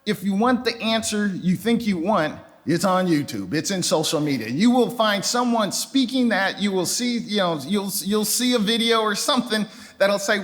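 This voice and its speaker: An older man preaching a sermon in a church sanctuary, his voice fairly high for a man. His delivery is loose and conversational, and he slips into playful acted-out voices. A long reverb from the hall trails after his words. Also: normal speed. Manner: conversational and animated, acting out voices with pitch jumps. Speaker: pastor.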